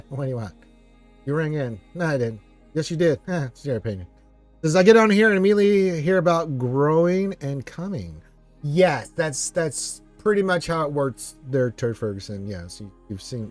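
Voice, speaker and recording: A man's voice: medium pitch, darkish tone. A man hosting a casual live stream, greeting viewers and reading chat aloud in a rambling, playful way. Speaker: livestream host.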